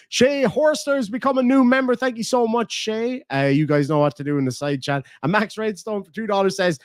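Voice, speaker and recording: A man's voice: on the high side, lively intonation, fast, no echo, clean studio sound. A young Irish man hosting a casual livestream, swearing, joking and reading out chat messages. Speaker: livestream host.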